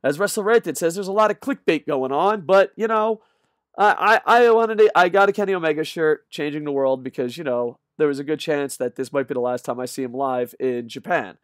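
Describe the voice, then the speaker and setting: Excitable ranting male wrestling vlogger. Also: on the high side, a little fast, no echo, clean studio sound. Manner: excitable, rambling, profane, swings between shouting and muttering. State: punch drunk, tired. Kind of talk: excited fan vlog rant.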